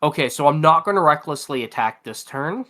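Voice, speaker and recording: Hesitant player full of fillers, with a bright tone. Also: medium pitch, expressive, brisk. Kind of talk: tabletop game play.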